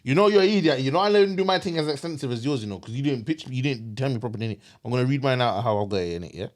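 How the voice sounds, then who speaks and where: A young man, co-hosting a comedy podcast and doing a slangy mock business pitch. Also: expressive, racing. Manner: slangy, giggling fits, sleep-deprived. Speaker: podcast co-host.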